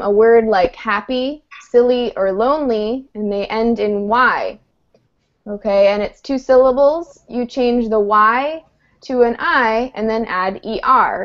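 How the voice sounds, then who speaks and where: A woman gives an online English lesson at an unhurried pace, her voice a touch high. She explains each rule patiently and keeps asking her students if they follow. The sound is muffled, like audio from a video call. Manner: patient explaining, checks understanding with "okay?". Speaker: English teacher.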